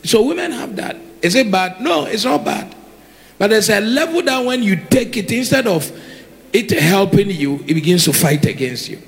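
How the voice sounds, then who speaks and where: A man preaching a sermon, lively and repeating words for emphasis as he calls out to the congregation. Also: high voice, normal speed, creaky.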